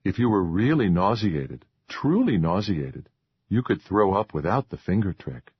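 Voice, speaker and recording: A man voicing a calm, firm young woman who speaks steadily and patiently in an audiobook. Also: low-pitched, a little slow, slightly rough, no room sound, exaggerated voice. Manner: steady, patient, scolding gently. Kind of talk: audiobook character voice. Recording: dull lo-fi dry recording.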